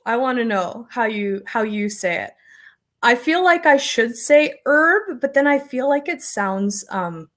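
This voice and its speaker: Her voice sits a little high with a fairly bright tone as this middle-aged American woman hosts a casual homestead livestream, rambling, reading viewers' comments and laughing often.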